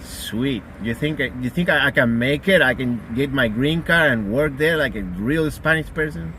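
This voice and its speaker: A man's voice: medium pitch, normal speed, bright, forceful tone, a little hiss or hum. A man streaming, joking around casually and swearing freely while he practices phrases.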